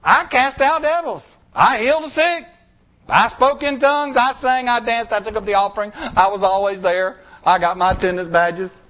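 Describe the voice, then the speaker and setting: A man's voice: high-pitched, level tone, fairly quick, few pauses, fairly bright tone. A man voicing an indignant male churchgoer who protests and lists his good deeds.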